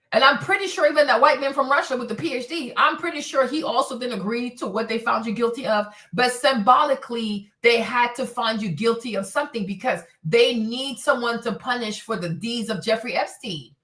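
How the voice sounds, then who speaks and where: Woman host, heated streaming rant, high bright voice, lots of swearing and repetition. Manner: indignant, swears a lot, repeats phrases. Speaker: host of a streaming commentary show. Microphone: streaming setup mic.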